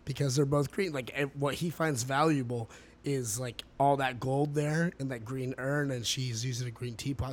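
A man co-hosts a casual podcast about a film. He rambles through his notes with frequent fillers, pauses and laughter, in an easygoing, offhand way. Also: mid-range voice, fairly even intonation. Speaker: podcast co-host. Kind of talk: casual movie review chat.

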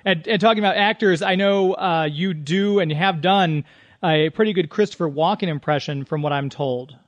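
A man's voice: sits high, moderate pace, dry recording, dull audio. A man hosting an interview, asking friendly, open questions. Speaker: interview host. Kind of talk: casual interview.

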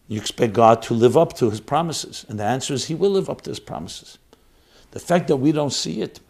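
A man's voice: medium pitch, darkish tone. A man giving an earnest, emphatic Torah talk as a rabbi, full of rhetorical questions.

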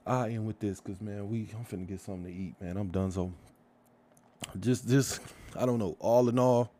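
A man's voice: lowish voice, steady tone, normal speed, mellow. Man ranting bluntly with rhetorical questions. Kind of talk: casual profane rant to camera.

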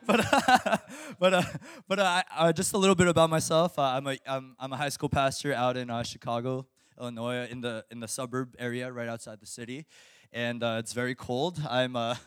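A young man, a high school pastor, preaching and telling a personal story with lots of laughter and restarts. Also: moderate pace, fairly bright tone, smooth, no echo, clean studio sound. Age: young adult. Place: Chicago suburbs.

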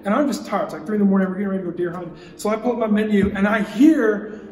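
A man's voice: sits high, rapid-fire. A young man from Idaho preaching a youth sermon in repeated rhythmic cadences, with casual storytelling asides. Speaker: youth pastor. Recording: echoey hall with long reverb, soft music.

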